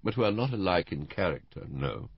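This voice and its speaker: A man reading an audiobook, voicing a calm, defiant, unemotional older blind woman who runs a spy ring. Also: low voice, normal speed, vocal fry, breathy edge, no echo, muffled recording, heavily acted. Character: cold, composed blind older woman spymaster. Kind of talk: audiobook character voice.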